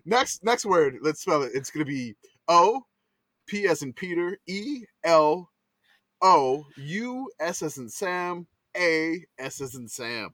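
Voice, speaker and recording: Lively bright-voiced man. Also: fairly high pitch, slow pace, no room sound. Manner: animated, laughs often, spells words out letter by letter. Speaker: podcast host running a word game. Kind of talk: casual group chat on a video call.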